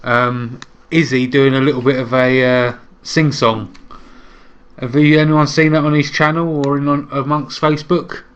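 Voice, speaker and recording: A man's voice: medium pitch, flat delivery, normal speed, clear, resonant tone. Male co-host, dry wit, mid voice; lo-fi recording. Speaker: podcast co-host. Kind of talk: casual podcast chat. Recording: dull lo-fi mic.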